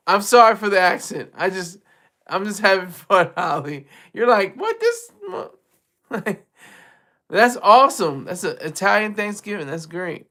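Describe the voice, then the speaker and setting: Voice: medium pitch, normal speed, pushed and bright. A live-stream host chatting casually with viewers, rambling, restarting sentences and laughing often. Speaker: livestream host.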